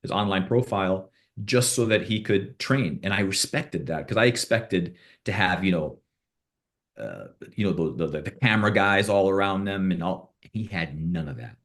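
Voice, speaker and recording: A man's voice: low-pitched, lively intonation, normal speed, fairly bright tone. A man being interviewed on a podcast as a boxing manager, telling rambling stories with restarts and quoted back-and-forth dialogue.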